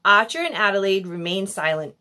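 Woman reading a storybook, animated. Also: medium pitch, a little fast. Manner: expressive, animated. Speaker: audiobook reader. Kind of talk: storybook narration.

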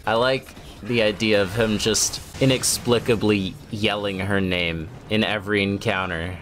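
A man's voice: on the low side, fairly even intonation, normal speed, hardly any pauses, noisy background. A man giving casual, rambling gaming commentary, goofy and laughing often.

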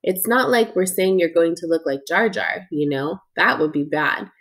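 A woman's voice: lowish voice, moderate pace, a bit bright. A woman reading the lines of a friendly, joking male ear doctor in an audiobook, with an easygoing, reassuring manner.

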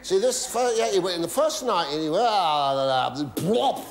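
A man with a high-sitting, expressive, creaky voice performs stand-up storytelling on a theatre stage at normal speed. Between stammers and gossipy mutters he lets out sudden shrieks and mock pleas, and the roomy live recording picks up audience laughter.

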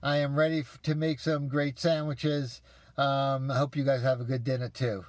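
A man's voice: medium pitch, level tone, moderate pace. A man telling viewers an exasperated story in a casual, profane rant. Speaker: vlogger ranting to viewers.

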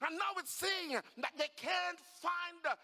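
A man's voice: very high-pitched, normal speed, pushed and bright, pitched above the performer's own voice. A man voicing an elderly father who stammers and exclaims with joy, recorded in an echoey church hall. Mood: excited. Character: elderly father, excitable and joyful.

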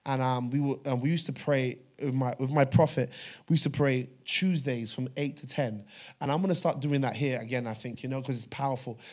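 A man preaching a sermon, telling a personal story with fervor, dropping to a hush and then rising loud. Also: medium pitch, steady tone, brisk. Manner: fervent storytelling, swings from hushed to loud. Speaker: pastor.

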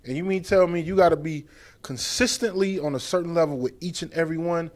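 A man chatting casually about relationships on a talk show, animated and teasing. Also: a little high, fast.

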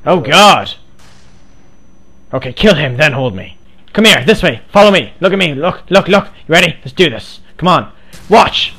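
A man's voice: a little high, sing-song, normal speed, bright, forceful tone, slightly rough. A man trolling other players over game voice chat in a mock-earnest, playfully provocative way.

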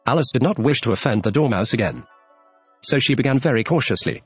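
A man narrating a classic children's book in an expressive storytelling manner. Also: mid-range voice, fast talker, breathy edge, no echo, soft background music. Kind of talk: audiobook reading of a classic.

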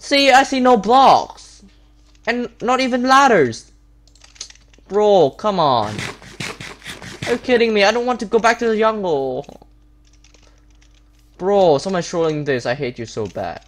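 A man's voice: sits high, expressive, takes it slowly, pauses often, a bit bright, a little hiss or hum. A man giving gameplay commentary, upset and complaining, repeating himself and stumbling over his words. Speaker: Minecraft YouTuber. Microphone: desktop setup with webcam.

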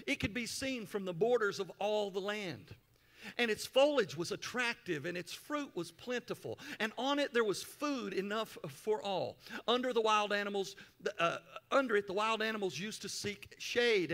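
A man's voice: sits high, bright, forceful tone. A man preaching a sermon, reading scripture aloud and stopping often to explain it to the congregation. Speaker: pastor.

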